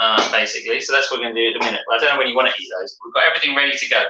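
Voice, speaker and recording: A man's voice: mid-range voice, fairly even intonation, very fast, bright, forceful tone, lo-fi sound. A man with a southern English accent co-hosting a casual live-streamed chat, rambling on as he explains things at length. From southern England. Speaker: co-host. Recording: roomy sound from a distance off the mic.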